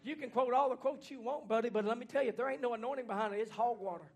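A man preaching a fiery sermon in a church, folksy and plainspoken, swinging from hushed lines to shouting. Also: extremely high pitch, racing, vocal fry, husky. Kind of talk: fiery Pentecostal-style sermon.

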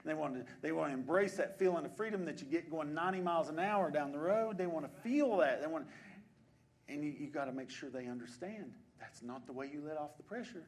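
A fairly high-voiced preacher, moving from soft, chatty asides to ringing calls to his church. A congregation answers him from the pews. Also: fast talker. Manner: swings from quiet conversational asides to loud exhortations. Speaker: pastor. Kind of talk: sermon. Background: congregation responding.

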